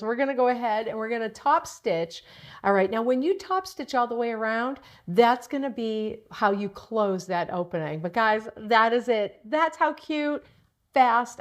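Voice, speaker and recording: A woman hosting a casual sewing tutorial, chatty and upbeat as she explains each step. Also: mid-range voice. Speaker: quilting shop host and sewing instructor.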